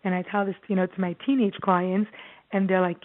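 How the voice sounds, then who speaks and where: A woman therapist giving a presentation to parents, earnest and lively as she tells stories and acts out what clients say. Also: medium pitch, a little fast. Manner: earnest, animated storytelling with acted-out quotes. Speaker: child therapist giving a talk. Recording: tinny phone-like audio.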